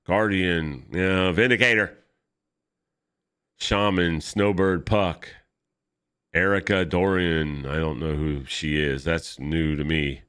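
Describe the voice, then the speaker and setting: A man's voice: sits low, a bit bright, smooth. A man giving casual, rambling commentary while flipping through comic books, nitpicky and often correcting himself mid-sentence. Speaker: comic book vlogger.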